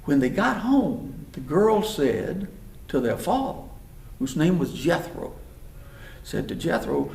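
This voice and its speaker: A man telling a story in a folksy, animated way. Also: a little high, slow pace, creaky. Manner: animated, folksy, acts out voices. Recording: roomy hall, mic far off.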